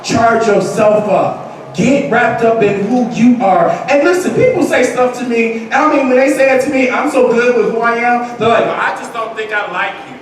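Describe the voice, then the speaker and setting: Male motivational speaker, high voice, energetic, recorded from afar in a booming hall. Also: moderate pace. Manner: energetic, leads call-and-response with the crowd. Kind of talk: motivational speech. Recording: echoey hall from far off, noisy.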